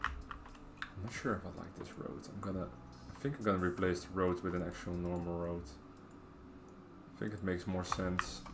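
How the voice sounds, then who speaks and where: A man with a Dutch accent chats loosely over a city-building game, often trailing off and correcting himself. His voice sits fairly low. Faint keyboard typing can be heard behind him. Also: level tone, normal speed, long pauses, noisy background. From Netherlands. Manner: rambling, self-correcting, chatty asides. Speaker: streamer. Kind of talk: casual gameplay commentary.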